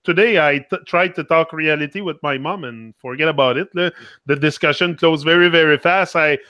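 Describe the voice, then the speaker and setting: A man hosts a casual chat, his voice bright and a little high. He searches for words, restarting often, and the sound is close and dry. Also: no room sound. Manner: halting non-native phrasing, frequent fillers. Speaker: host. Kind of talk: casual conversation.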